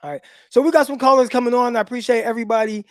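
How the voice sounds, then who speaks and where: A man hosting a casual livestream, telling stories in an animated way with laughs, talking into a phone. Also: extremely high pitch, very fast, dry recording. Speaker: podcast host and former football player.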